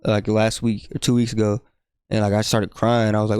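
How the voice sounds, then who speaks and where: A man's voice: on the low side, little pitch movement, brisk, darkish tone, smooth, no echo, studio quality. A young man, a podcast guest, talking in a casual, reflective, earnest way. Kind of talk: casual chat.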